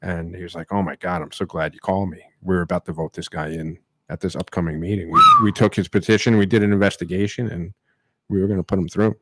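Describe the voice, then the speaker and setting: A man's voice: deep voice, steady tone, quick pace, fairly bright tone, slight background noise. A man co-hosting a podcast, rambling through a story in casual chat. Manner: rambling, full of fillers.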